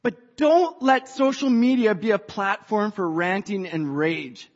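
A woman preaching a sermon to a church, passionate and rising to shouts. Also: medium pitch, unhurried. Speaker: church speaker. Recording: dull sound in a reverberant hall.

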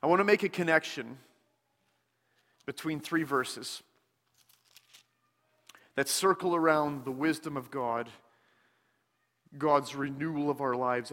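Slow, unhurried male preacher in a reverberant hall. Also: on the high side. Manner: slow, deliberate delivery with frequent pauses, dropping softer on scripture. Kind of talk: sermon. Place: church sanctuary.

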